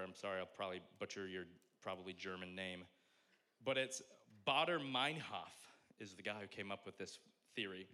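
A young adult man giving a casual, conversational sermon as a pastor, joking at his own expense. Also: mid-range voice. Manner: conversational, self-deprecating, animated.

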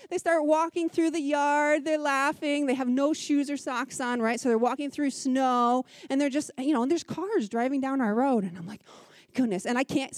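At a church women's gathering, a woman in her thirties shares her personal testimony, animated and conversational, with quick asides and an earnest, heartfelt tone. Her voice sits high, and the recording has no room sound.

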